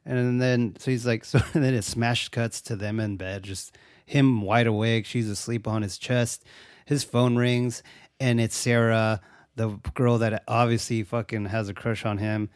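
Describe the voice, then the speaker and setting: A relaxed young man chatting about a film he just saw, loose and profane, slipping into quick impressions of the characters. His voice sits at an ordinary pitch, and the recording is dry and close with no room sound. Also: clear, resonant tone, no echo. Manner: laid-back, swears a lot, acts out quotes. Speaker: podcast co-host. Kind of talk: casual chat recapping a movie.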